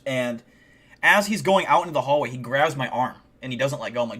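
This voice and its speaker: A man's voice: mid-range voice, brisk, breathy edge. A man hosting a live stream, telling a story casually and swearing a lot. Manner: profanity-heavy, animated retelling. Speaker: livestream host.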